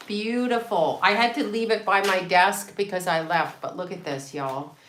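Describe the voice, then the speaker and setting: A woman hosting a casual livestream from home, chatty and excitable, swearing freely and laughing often. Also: medium pitch, normal speed. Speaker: psychic medium and astrologer livestream host. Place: home room with a set. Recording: echoey room with faint noise.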